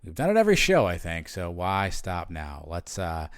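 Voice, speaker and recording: A man co-hosts a sports podcast in a casual, chatty way, full of fillers and restarts. His voice is low and smooth. It sounds close and dry, with no room around it. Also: huge pitch swings, normal speed, dry recording. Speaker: podcast co-host.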